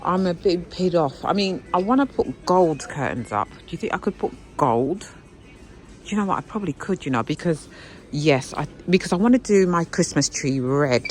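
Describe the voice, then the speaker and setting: A woman's voice: on the low side, animated, normal speed, faint music behind, rough recording. Chatty woman browsing a shop. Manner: chatty, exclamatory, talks to viewers while browsing. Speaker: vlogger. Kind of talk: casual shopping vlog chat. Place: indoor shop.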